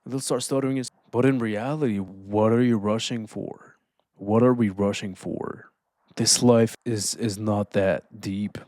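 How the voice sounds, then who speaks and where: A man giving a casual motivational talk, calm and deliberate, slowing down to stress points and often saying "man". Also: lowish voice, dry recording, studio quality. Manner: calm, deliberate, slows down for emphasis. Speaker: self-improvement speaker.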